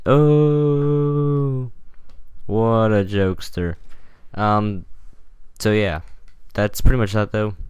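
Rambling low-voiced young gaming commentator. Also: male voice, smooth, no echo. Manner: rambling and jokey, many ums and restarts. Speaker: gaming channel host. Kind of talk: casual gameplay commentary.

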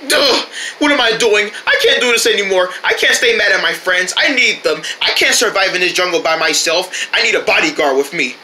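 An amateur performer acting out a homemade kids' cartoon, doing exaggerated character voices with sudden shouts and gasps and casual slangy talk. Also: medium pitch, animated, fairly quick, slight background noise.

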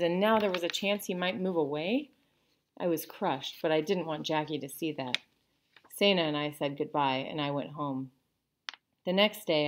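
A woman teacher reading a children's novel aloud to her class, with clear, expressive storytelling. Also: low-pitched, a little hiss or hum.

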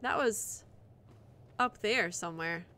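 A woman's voice: medium pitch, slow pace, sharp tone. A woman streaming live gameplay commentary, muttering and swearing in frustration at the game as she plays.

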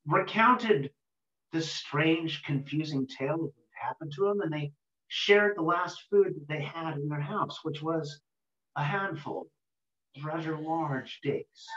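A male storyteller telling an old folk tale in an unhurried, rhythmic way, with a voice slightly higher than most men's. The recording sounds roomy and a bit muffled, with a lo-fi quality. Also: lively intonation, fairly bright tone.

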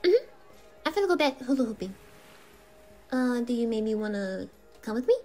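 A woman voicing a cheerful, excitable younger sister in a fan role-play, reacting with excited gasps. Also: a little high, normal speed, soft background music.

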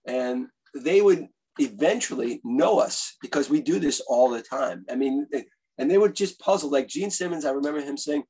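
Husky-voiced New man telling stories. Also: medium pitch, normal speed, rough recording. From Bronx, New York. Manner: animated, eager storyteller who acts out quotes. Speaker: guest author and musician. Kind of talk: casual interview storytelling.

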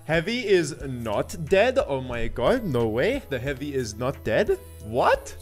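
A man streaming live in casual chat, greeting viewers by name and laughing often as he swings from loud yelps to mumbles. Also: medium pitch, big pitch swings, slow pace. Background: faint looping music.

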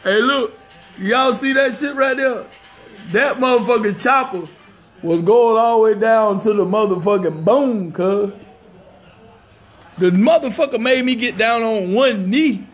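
A man's voice: sits high, a little slow, faint music behind. A man telling a story to a phone camera, emphatic and profane, laughing often. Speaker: storyteller recounting a police dog bite.

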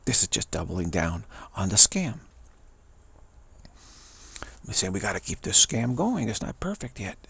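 A man's voice: lowish voice, sing-song, a little slow, vocal fry, pauses often, pushed and bright, husky. A man giving a casual spiritual teaching talk, musing and earnest, repeating phrases for emphasis.

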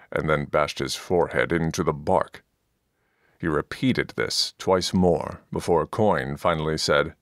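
A man narrating a fantasy audiobook in a measured, deadpan way, close to the microphone. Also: sits low, no room sound. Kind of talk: scripted narration.

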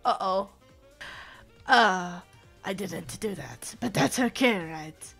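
A woman's voice: medium pitch, slow pace, gravelly, pauses often, fairly bright tone, faint music behind. A woman streaming a video game, joking around with theatrical mock pleading and giggles. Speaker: gaming streamer. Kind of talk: playful let's-play commentary.

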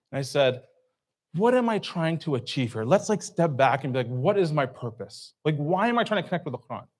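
A man giving an informal religious talk to a live audience, conversational, asking the crowd questions and acting out reactions. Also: fairly high pitch. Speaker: speaker at a community talk. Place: event hall.

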